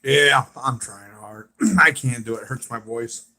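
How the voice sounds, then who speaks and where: A man casually chatting on a livestream, easygoing and often soft-spoken. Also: medium pitch, a little slow.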